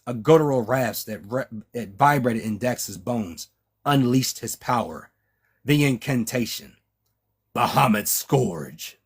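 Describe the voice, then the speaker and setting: A man, the author, reading his own novel aloud in a measured way with frequent restarts, then chatting with his listeners. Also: mid-range voice, slightly rough.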